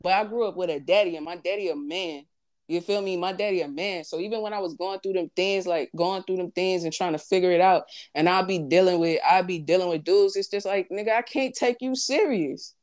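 A woman's voice: on the low side, fairly even intonation, brisk, a little mellow. A woman, talking bluntly and profanely in casual chat, repeating her points for emphasis.

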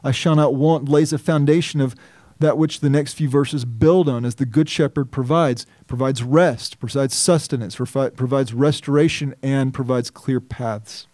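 A man preaching a sermon as pastor, reading scripture in a measured, earnest and emphatic way. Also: mid-range voice, fairly even intonation, a little mellow, no room sound.

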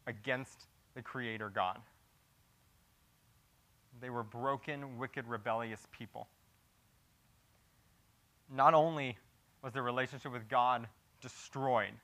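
A man preaching a sermon verse by verse, dropping to a hushed, grave tone and then rising to loud, animated emphasis, with frequent restarts and repeated words as he improvises. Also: medium pitch, rough recording. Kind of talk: expository sermon.

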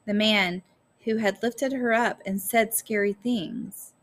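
A woman narrating a story aloud in a measured, careful storytelling manner. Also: medium pitch, steady tone, slight background noise. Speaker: audiobook narrator. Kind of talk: scripted narration.

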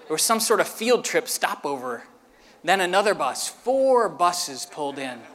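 A man preaching a sermon who tells a lively story and acts it out with sound effects. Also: high-pitched, unhurried, big-room sound. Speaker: pastor.

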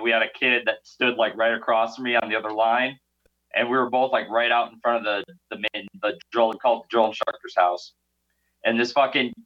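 A man's voice: mid-range voice, pushed and bright. A man with a mid-range voice on dull, lo-fi audio. He tells blunt boot camp stories full of curses. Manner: profane, blunt anecdotes. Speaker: Marine veteran guest. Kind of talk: casual podcast storytelling.

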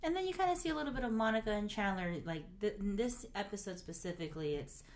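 A woman co-hosting a casual podcast, retelling TV scenes with frequent laughter. Her voice sits at an everyday middle pitch. She sounds relaxed and chatty throughout. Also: fast. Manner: giggly, laughs often while retelling scenes. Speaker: podcast co-host. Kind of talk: casual episode recap chat.

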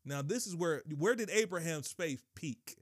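A man preaching a sermon in an emphatic, conversational way, rising to high excited bursts. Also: normal speed, no room sound, studio quality. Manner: conversational, addresses listeners as bro.

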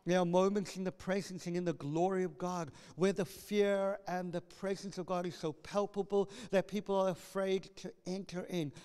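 Brief: male pastor, high voice, passionate sermon, reverberant church hall. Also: clear, resonant tone. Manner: impassioned preaching, rising to loud proclamations when reading scripture.

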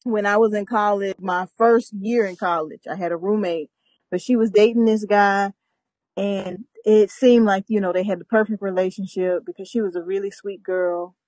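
A young adult woman in a casual chat, telling a story with lively acted-out quotes and frequent laughter. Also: mid-range voice, normal speed, dry recording. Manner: animated storyteller, acts out quotes, laughs often.

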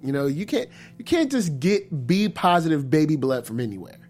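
Playful guy on a tv aftershow, voice jumps all over, bit on the high side. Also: sing-song, moderate pace, darkish tone. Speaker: co-host of a TV aftershow. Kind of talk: casual chat.

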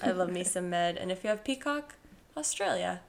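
A woman's voice: fairly low pitch, expressive, moderate pace, vocal fry, crowd noise. A young woman co-hosting a podcast in casual chat, chatty and playful, laughing often. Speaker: podcast co-host.

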